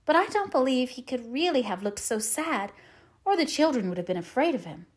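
A woman reads as a chatty young orphan girl in a storybook reading, full of eager daydreams. Her sentences run on breathlessly and lift with rapture. The voice sits a little higher than the narration around it. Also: very animated, fairly quick. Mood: earnest, dreamy. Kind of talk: audiobook character reading.

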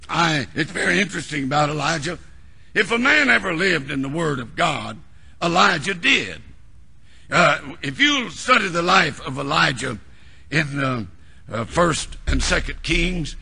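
An older American pastor delivers an old-time sermon. His voice is raspy and gravelly, pitched high, and very bright and piercing. He drags out key words and breaks into shouts at the peaks. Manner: old-time preaching with shouted climaxes and long drawn-out words.

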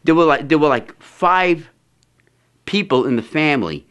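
A man's voice: medium pitch, animated, slow pace, a bit bright. A man telling a rambling, funny anecdote, full of fillers and restarts, often breaking into laughter. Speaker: storyteller. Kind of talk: casual anecdote.

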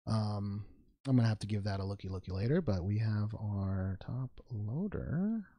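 Male card-unboxing host, casual and jokey, with a gravelly edge and a close, dry sound. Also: fairly low pitch, expressive, moderate pace, mellow, no echo. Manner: rambling, joking, with playful made-up words.

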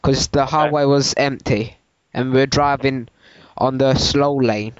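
A man's voice: medium pitch, steady tone, no echo, lightly acted. A man playing a hillbilly truck owner in a prank phone call, with a put-on Southern accent, rambling and restarting his sentences. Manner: rambling, halting, many restarts. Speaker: prank caller. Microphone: phone line. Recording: dull lo-fi prank call recording.

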